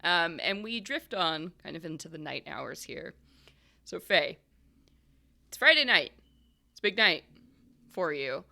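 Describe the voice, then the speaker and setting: A woman's voice: fairly low pitch, lively intonation, a little slow, vocal fry, long pauses, sharp tone. A woman narrating a tabletop game as game master, in a loose, rambling way full of fillers.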